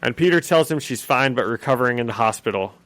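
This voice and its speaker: A man's voice: mid-range voice, lively intonation, fast talker, a bit bright, no room sound. A man co-hosting a podcast, recapping a comic in casual chat, often laughing and slipping into character voices. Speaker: podcast co-host.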